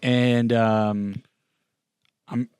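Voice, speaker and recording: A man's voice: mid-range voice, level tone, extremely slow, darkish tone, smooth, no room sound, studio quality. A young man co-hosting a podcast, chatting casually with a hesitant, confessional manner and lots of fillers. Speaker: podcast co-host. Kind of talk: casual chat.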